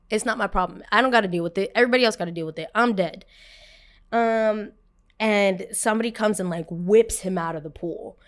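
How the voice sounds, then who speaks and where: A woman hosting a podcast, telling a personal story with animated, dramatic delivery that swings from soft asides to loud bursts. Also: on the low side. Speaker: podcast host.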